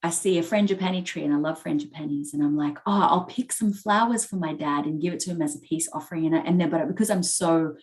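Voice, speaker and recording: A woman's voice: sits low, quick pace, hardly any pauses, a little mellow. A woman co-hosting a podcast, telling a personal story in a candid, emotional way and swearing freely. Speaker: podcast co-host. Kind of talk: personal storytelling in casual chat.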